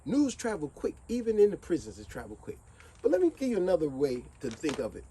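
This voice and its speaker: A streetwise man speaks straight to camera in a preachy, animated monologue. His pitch swoops and climbs often. His voice is slightly high yet soft and mellow. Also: fast talker, slightly rough, poor audio. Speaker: vlogger. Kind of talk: motivational monologue with fable.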